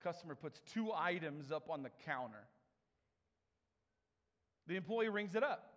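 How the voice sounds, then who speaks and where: A man's voice: a little high, measured pace. Storytelling male preacher in a reverberant hall. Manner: conversational storytelling with animated quoted voices. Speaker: pastor. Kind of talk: sermon. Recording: long reverb of a large hall.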